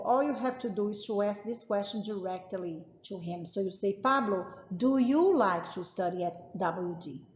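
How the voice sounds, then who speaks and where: A woman's voice: mid-range voice, a little mellow. A woman teacher walks through grammar examples with patient emphasis, repeating each point. Her voice rings in a roomy space with a long, hanging reverb. The sound is dull and lo-fi. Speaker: Spanish teacher. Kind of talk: classroom lesson explaining grammar.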